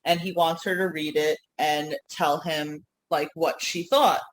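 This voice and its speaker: A woman from Yonkers with a New York accent, co-hosting a podcast in rambling, animated casual chat. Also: sits low, a little slow, a little hiss or hum, rough recording. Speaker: podcast co-host.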